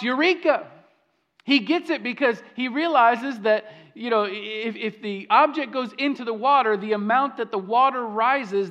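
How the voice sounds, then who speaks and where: A male pastor with a high-pitched voice preaches a lively sermon, repeating words and swinging between loud emphasis and hushed lines. The recording sounds muffled.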